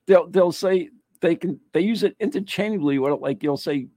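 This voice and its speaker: A man from the United States hosting a casual chat, reading an article aloud haltingly with asides and laughter. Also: fairly high pitch, warm tone, no room sound. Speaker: host.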